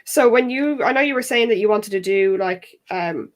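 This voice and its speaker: A woman's voice: medium pitch, moderate pace. A woman hosting a casual chat, telling stories and asking questions in a chatty way. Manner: chatty, lively storyteller. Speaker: host.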